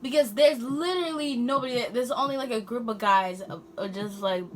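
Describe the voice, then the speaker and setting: A teenage girl vlogger telling a storytime in an animated, slangy way. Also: on the high side, fairly quick, slight background noise. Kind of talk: storytime vlog.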